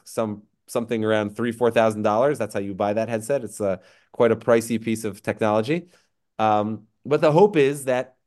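A man's voice: mid-range voice, darkish tone. Reflective man teaching online. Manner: reflective, stretches quoted phrases slowly, frequent fillers. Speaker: rabbi teaching a class. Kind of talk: online lecture. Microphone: computer mic on a video call.

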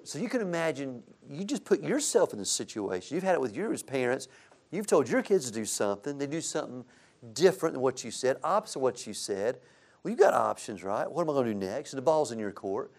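Lively man teaching a church class. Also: mid-range voice. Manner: asks the group questions and answers them. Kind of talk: interactive Bible teaching to a church group. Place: church classroom with a live audience.

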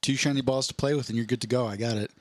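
A man co-hosting a podcast in casual chat, rambling and joking with quick asides. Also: medium pitch, fairly even intonation, no room sound, clean studio sound. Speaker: podcast co-host.

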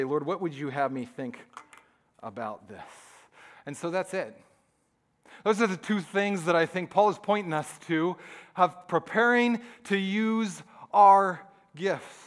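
A man preaching a sermon as pastor, animated when telling stories and dropping to soft, hushed asides. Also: high voice.

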